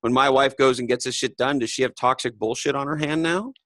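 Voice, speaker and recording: A man's voice: medium pitch, a little fast, a bit bright, no room sound. A man hosting a podcast, blunt and incredulous in casual chat, swearing now and then. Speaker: podcast host.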